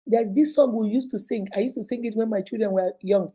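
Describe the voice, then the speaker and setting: A woman's voice: a little high, a little fast, few pauses, husky. A middle-aged woman with a Nigerian accent hosting a casual talk show, talking emphatically and slipping into Pidgin. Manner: emphatic, animated, mixes in Pidgin. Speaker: host.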